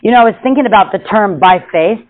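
A woman's voice: medium pitch, fast. A woman teaching a casual Bible study, chatty, with many asides and laughs. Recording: tinny phone-like sound.

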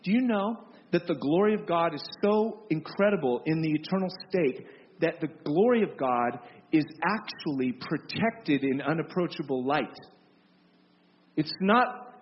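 An impassioned male preacher with a high voice delivers an emphatic, scolding sermon. His words ring out with a long reverb in a large hall. The recording is muffled and carries a faint hiss.

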